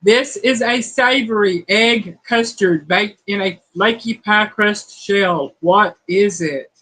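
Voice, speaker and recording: In a slow, mid-range voice with a fairly bright tone, this middle-aged woman reads quiz questions folksily and playfully. She's the host of a casual live-stream chat for a cooking channel, captured on a rough recording.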